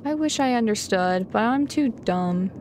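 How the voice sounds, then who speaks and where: A young woman doing live gameplay commentary, bubbly and easily startled as she talks to her viewers. Her voice sits high and swings widely in pitch, and she takes her time between lines. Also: unhurried, slight background noise. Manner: excitable, gasping and giggling, chatting to viewers. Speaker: gaming streamer.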